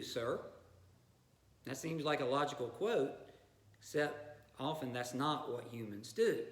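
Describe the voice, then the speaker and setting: A man's voice: fairly high pitch, fairly bright tone. A man, a pastor, preaching a sermon in a conversational storytelling way, with asides to his listeners. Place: church. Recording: echoey room.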